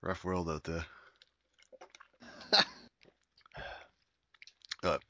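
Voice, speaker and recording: A man's voice: sits low, little pitch movement, drawn-out words, pushed and bright, highs cut off, a little hiss or hum. A man hosting a casual podcast, talking in a crude, profane, rambling way full of restarts. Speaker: podcast host.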